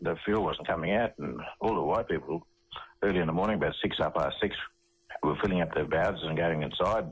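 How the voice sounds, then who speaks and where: A very low, husky-voiced man recounts his experiences as an interview guest. He speaks haltingly, with frequent restarts, yet lands each point with emphasis. The sound is dull and muffled, as heard over a radio broadcast. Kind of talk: recounting personal stories on radio.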